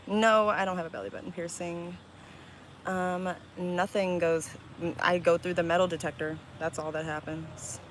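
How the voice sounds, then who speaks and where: A young woman live-streaming, chatting casually with her viewers, reading their comments aloud and answering bluntly with a lot of swearing and quick laughs. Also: on the low side, slight background noise, low-quality recording. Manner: blunt and profane, reading chat aloud and snapping back; quick laughs and sudden loud outbursts.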